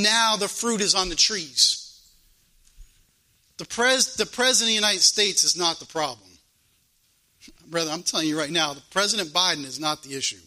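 A pastor delivers a fervent sermon, hammering home his points through repetition. His voice is high for a man, with a piercingly bright, sharp tone, and the audio quality is poor.

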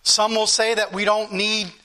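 A male preacher with a high, bright voice delivers an earnest sermon. He keeps returning to the same points and reads scripture aloud before explaining it to the congregation. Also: little pitch movement, measured pace.

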